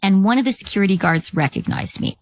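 A Canadian woman politician answers questions in a measured, earnest voice at an ordinary pitch. She explains at length and tells small stories. The recording is dry and a little muffled. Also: expressive, no room sound. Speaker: politician guest. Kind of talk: interview answers.

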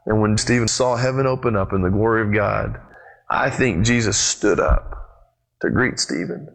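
A pastor preaching a sermon, retelling the story with lively, sweeping swings in his voice and speaking straight to his congregation. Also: moderate pace, vocal fry. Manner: animated storytelling with big pitch swings; addresses the congregation directly.

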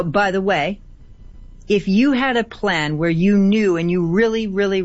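A woman appearing as a guest on a call-in radio show who gives gentle advice and often repeats words for emphasis. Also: on the low side, dry recording. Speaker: guest healer. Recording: dry, slightly dull audio.

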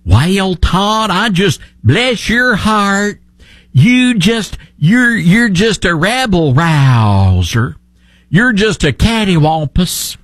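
A man voicing a folksy male Southern politician with a slow, sing-song, put-on Southern drawl, higher than his own voice. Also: sing-song, a bit bright, no echo, full character voice. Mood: mock-folksy.

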